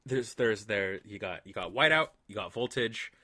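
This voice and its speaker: A man's voice: fairly low pitch, lively intonation, normal speed, pushed and bright. A young man chatting as a podcast guest, playful and boastful in his banter. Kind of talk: casual chat.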